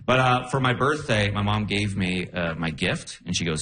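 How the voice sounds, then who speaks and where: A man telling stories on a live comedy stage in an animated way, into a handheld stage mic. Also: lowish voice, moderate pace. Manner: animated, storytelling. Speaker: stand-up comedian. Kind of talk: stand-up comedy set.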